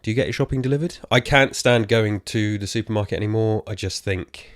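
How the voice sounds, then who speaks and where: A British man with a lowish voice chats on his own gaming podcast, rambling and correcting himself as he goes. He sounds slightly out of breath, and the sound is dry and close, with no room echo. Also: a little fast. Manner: rambling, chatty, self-correcting asides. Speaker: podcast host. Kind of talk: casual solo gaming podcast chat. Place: quiet room at home.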